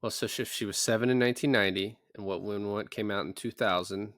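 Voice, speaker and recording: A man's voice: lowish voice, steady tone, fast, fairly bright tone, no room sound, clean studio sound. A man co-hosting a podcast, chatting casually about a movie in a rambling, joking way and acting out characters' lines. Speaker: podcast co-host. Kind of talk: casual movie review chat.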